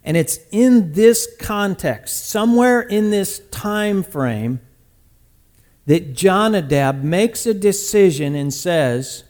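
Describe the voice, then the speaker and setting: A man preaching a sermon, retelling a scripture story in a lively, conversational way with sudden loud bursts. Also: sits high, slow pace. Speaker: pastor.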